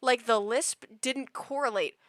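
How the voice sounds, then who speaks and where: A young adult woman chats casually while live streaming a game, spinning a rambling story packed with "like" into a desk mic. Her voice sits on the high side, bright and unhurried, and the recording is dry.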